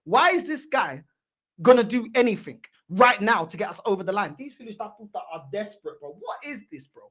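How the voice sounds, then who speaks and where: A woman's voice: medium pitch, big pitch swings, brisk, fairly bright tone. A woman hosting a fan channel, giving mocking, heated reaction commentary and repeating her points.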